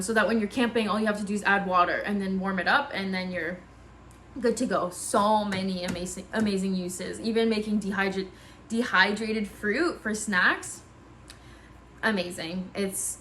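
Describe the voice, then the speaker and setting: A woman's voice: mid-range voice, a bit bright, slight background noise. A woman talking casually and enthusiastically about her kitchen tools in a home vlog, chatty with frequent fillers. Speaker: wellness vlogger.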